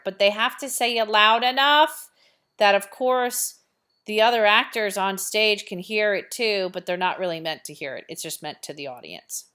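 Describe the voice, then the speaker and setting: A woman's voice: medium pitch, a bit bright. A woman teacher explaining a play in a chatty lesson, posing rhetorical questions to her students. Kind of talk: recorded literature lesson.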